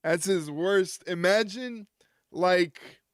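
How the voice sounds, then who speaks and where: A man's voice: sits high, takes it slowly, no room sound, clean studio sound. A man hosting a wrestling watch-along stream, chatting casually and teasing a friend. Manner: joking, teasing a co-viewer. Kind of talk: casual live-stream commentary.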